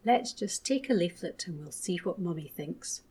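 A woman voicing a kind, patient father who gently reassures his young son. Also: lowish voice, expressive, moderate pace, slightly rough. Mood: reassuring.

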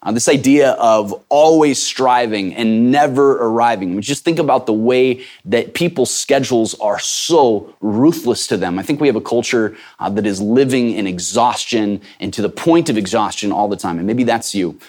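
A man's voice: mid-range voice, normal speed, few pauses, a little mellow. A middle-aged male pastor preaching a sermon in a conversational, emphatic way, with frequent fillers and restarts.

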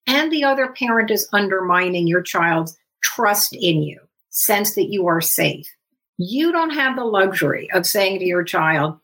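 A woman psychologist speaking as a guest in a podcast interview, explaining in a measured, instructive way. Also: medium pitch, lively intonation, fairly bright tone.

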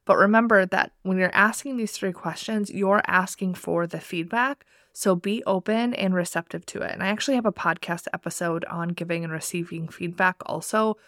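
A woman's voice: fairly low pitch, steady tone, normal speed, hardly any pauses, fairly bright tone, no room sound, clean studio sound. A woman hosting a career podcast, talking directly and with upbeat motivation. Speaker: podcast host and career coach. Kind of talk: scripted podcast intro and solo talk.

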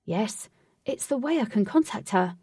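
A woman voicing an eager, cheerful young fisherman who talks in an excitable way. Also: mid-range voice, normal speed, husky, no echo, studio quality, far from the mic. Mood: earnest.

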